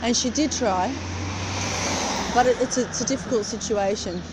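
A middle-aged woman talks into her phone as she walks along a street early in the morning, cold and chatty. Her voice sits a little high, and she drifts loosely from one thought to the next. Clear traffic noise runs behind her. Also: normal speed. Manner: chatty, rambling, walking while talking. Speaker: vlogger. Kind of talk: casual chat. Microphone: phone camera held while walking.

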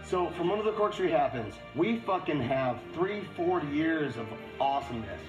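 A drunk man rambles through a comic story and swears freely, his pitch jumping around in a fairly high voice. The playback is roomy and dull, and music runs underneath. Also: expressive, moderate pace. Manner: rambling and profane.

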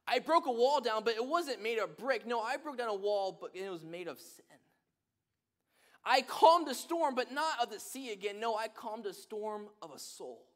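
A man's voice: high-pitched, normal speed, close to an everyday voice. A man preaching a sermon speaks as God addressing people, earnest and tender. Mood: declaring.

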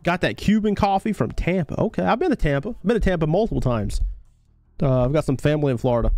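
Laid-back high-voiced male streamer. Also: expressive, quick pace, dry recording. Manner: laid-back, thanks viewers by name, calls them brother. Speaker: live streamer. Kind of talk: casual gaming livestream chat.

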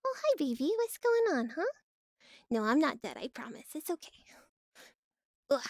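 A woman's voice: sits high, big pitch swings, moderate pace, no echo, clean studio sound. A woman hosting a casual livestream, playful and mock-dramatic, often breaking into laughter. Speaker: livestream host.

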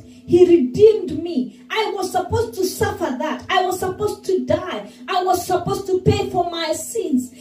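Woman pastor, very high voice, unhurried emphatic preaching; echoey room, mic at a distance, faint music. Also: warm tone. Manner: slow, emphatic preaching with repeated phrases. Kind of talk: sermon.

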